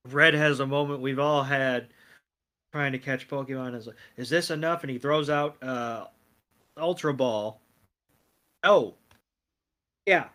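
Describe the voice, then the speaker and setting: Slow-talking man recapping an episode. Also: mid-range voice, fairly bright tone. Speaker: podcast co-host. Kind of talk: casual podcast chat, recapping an episode.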